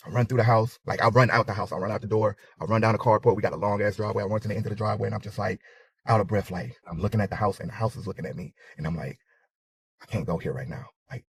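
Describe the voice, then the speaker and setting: Husky man telling a dramatic story. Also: on the low side, steady tone, very fast. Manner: vivid, profane, acts out sounds and his own panic. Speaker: storyteller in a reacted clip.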